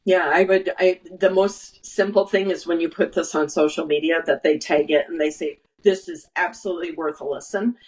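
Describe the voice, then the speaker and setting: A woman speaks as a guest in a conversational interview, her voice sitting a little low. She talks earnestly, stumbling and restarting often, and acts out what others said to her. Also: steady tone, normal speed, hardly any pauses, a little mellow, poor audio. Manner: earnest storyteller, acts out quoted dialogue, many restarts. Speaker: guest, nursery founder.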